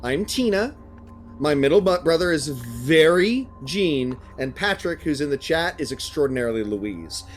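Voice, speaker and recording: A man's voice: a little high, sing-song, moderate pace, faint music behind. A man running a tabletop game as dungeon master, narrating with many hesitant ums.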